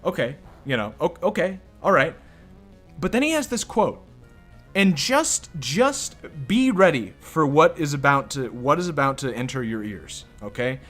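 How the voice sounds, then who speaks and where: Young guy ranting over his game, bright high voice, jumps all over, faint music behind. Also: big pitch swings, unhurried. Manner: rambling, incredulous, swears. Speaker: let's play host. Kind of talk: casual game commentary.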